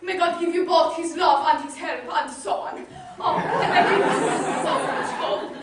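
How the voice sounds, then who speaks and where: An actress plays a fussy, doting mother who gushes with high, swooping endearments on a stage play. The voice rings out from far across an echoey hall over a hum of background noise. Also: expressive, normal speed, over a noisy crowd. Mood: overjoyed. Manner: effusive, theatrical, doting endearments. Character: gushing middle-aged mother, fussy landowner.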